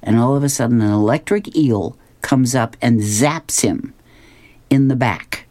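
A woman's voice: rumbling low, a little slow, dark tone. A woman radio host chattily describing comic strips on air, with an amused manner.

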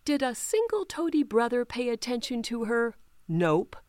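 A woman reading children's picture books aloud, slow and expressive, giving the characters their own voices. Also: a little high, no room sound, clean studio sound. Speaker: children's storytime reader.

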